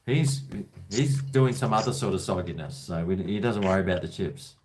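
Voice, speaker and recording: A man's voice: sits low, animated, moderate pace, a little mellow, slight background noise. An Australian man from Brisbane hosting a casual call-in show, with jokey, blokey banter. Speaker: host of a call-in livestream.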